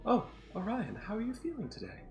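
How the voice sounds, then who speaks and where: A man voicing a soft-spoken, teasing young woman adventurer in a tabletop game, speaking sweetly with feigned innocence. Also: high-pitched, wildly swooping pitch, brisk, gravelly, pitched above the performer's own voice, heavily acted. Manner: sweet, innocent, mock-puzzled.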